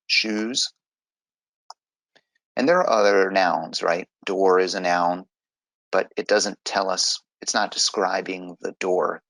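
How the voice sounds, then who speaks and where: A man's voice: deep voice, vocal fry, fairly bright tone, no echo, low-quality recording. A man teaching an online grammar lesson, explaining step by step in a patient way.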